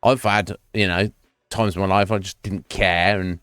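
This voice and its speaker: A man's voice: low voice, steady tone, moderate pace, fairly bright tone, smooth, dry recording, clean studio sound, faint music behind. A man streaming live, chatting casually with his viewers in a rambling, self-mocking way and swearing freely.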